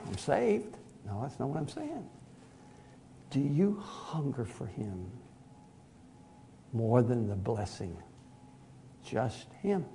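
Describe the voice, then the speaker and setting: Hushed-to-booming male preacher. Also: a little hiss or hum. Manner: conversational, swings from hushed to loud emphatic. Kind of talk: sermon.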